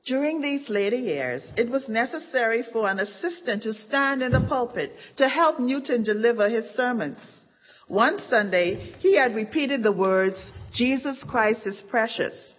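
A woman narrating a story with measured, dramatic emphasis, in a dull recording of an echoing hall. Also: fairly high pitch, lively intonation, slightly rough. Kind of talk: scripted narration. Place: church event stage.

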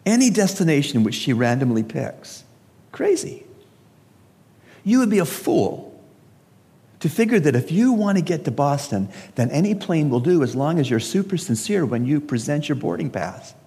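A man's voice: fairly high pitch, big pitch swings, moderate pace, mellow. A man preaching a funeral sermon, emphatic and asking his listeners pointed questions. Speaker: pastor. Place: church service. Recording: long reverb of a large hall.

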